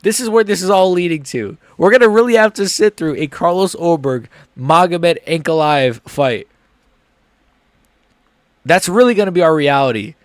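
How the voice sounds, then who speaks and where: A man with a slightly higher voice than most, streaming live reactions to fights. He rambles, swears freely and swings between highs and lows, recorded dry and close with no room sound. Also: lively intonation, moderate pace, dry recording. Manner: profane, rambling, emotionally swinging.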